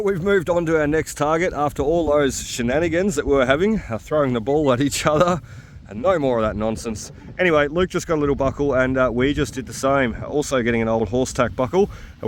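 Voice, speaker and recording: An excitable man, chatting away in casual vlog commentary. He is out on a farm, talking through his finds with a lot of enthusiasm and frequent exclamations. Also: medium pitch, a little hiss or hum. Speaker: metal detecting vlogger. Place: outdoors on a farm.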